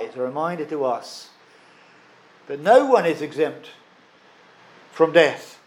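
A man preaching a sermon, emphatic, stressing and repeating key phrases with pauses. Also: a little high, big pitch swings.

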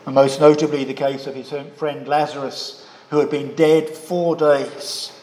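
A man preaching a sermon in a measured way, putting rhetorical questions to his listeners. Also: a little high, steady tone, dark tone. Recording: echoey hall with long reverb.

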